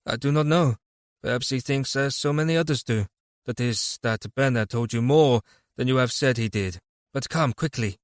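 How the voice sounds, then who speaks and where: A man reading an audiobook, voicing a fat foreign rogue who talks softly and wryly. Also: medium pitch, moderate pace, no echo, clean studio sound, close to an everyday voice. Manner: soft, wry.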